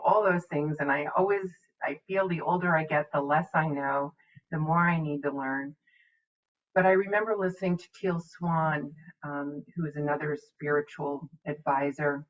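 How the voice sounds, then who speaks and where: A woman's voice: low-pitched, a little hiss or hum. A middle-aged woman minister and medium telling a reflective spiritual story. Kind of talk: spiritual talk. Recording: dull distant mic.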